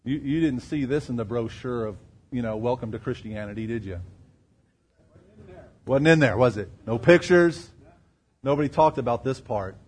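A man preaching a sermon, firing rhetorical questions at the congregation and swinging between loud emphatic bursts and quiet, low asides. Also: normal speed, long pauses, slightly rough. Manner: asks the crowd rhetorical questions. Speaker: pastor.

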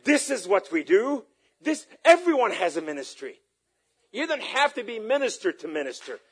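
A man preaching a sermon and telling a story with passion, at times shouting. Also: high-pitched, very animated, normal speed, husky. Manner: impassioned, rising to shouts.

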